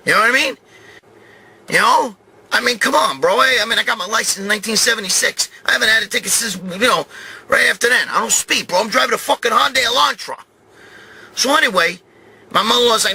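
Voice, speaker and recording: A man in his sixties telling a profane comic story about a traffic stop, acting out the other people with animated voices. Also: high voice, brisk. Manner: animated, swearing, acts out quoted voices. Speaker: host. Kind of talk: profane comedic storytelling rant.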